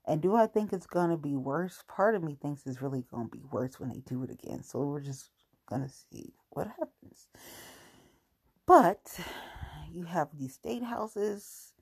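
A woman's voice: sits low, animated, unhurried, darkish tone, breathy edge. A woman ranting about politics in casual talk, angry and sarcastic, swearing often.

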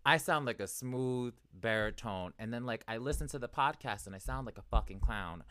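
Animated rambling podcast man, dry mic. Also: medium pitch, moderate pace, no room sound. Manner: rambling, animated, frequent fillers. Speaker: podcast co-host. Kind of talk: casual podcast chat.

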